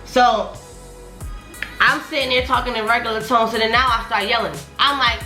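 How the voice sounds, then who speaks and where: Animated young woman ranting, bright and echoey. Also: fairly high pitch, quick pace. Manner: profane, animated, voice rising when heated. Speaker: vlogger telling a storytime. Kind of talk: heated storytime rant. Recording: echoey room with faint music.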